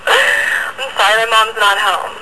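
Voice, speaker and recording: A young woman chatting on the phone, slow in pace, half-laughing and puzzled as she keeps pressing to learn who is calling. Her voice comes through a noisy phone line. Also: fairly high pitch, big pitch swings. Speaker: prank call target. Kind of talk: casual phone conversation. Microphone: telephone.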